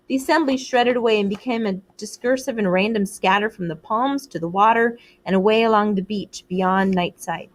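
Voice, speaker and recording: A woman reading a novel aloud in a measured, even storytelling voice. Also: on the high side. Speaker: reader.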